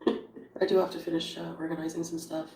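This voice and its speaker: A woman's voice: on the low side, little pitch movement, fairly quick, gravelly, darkish tone, a little hiss or hum. A woman chatting on a livestream in a mumbling, self-pitying way. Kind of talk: livestream chat. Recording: echoey room with faint ambience.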